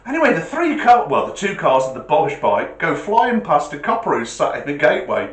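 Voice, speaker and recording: Chatty man with a lively voice. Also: on the high side, fairly quick, reverberant. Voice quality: chatty, jokey storyteller. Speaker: vlogger. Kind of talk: casual monologue with a joke.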